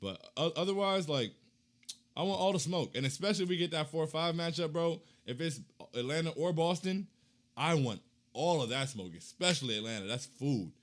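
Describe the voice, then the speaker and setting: A young man, animated and speaking at normal speed, reads fan comments while hosting a casual postgame chat. His hyped, slang-heavy delivery swings between loud chanting and low muttering.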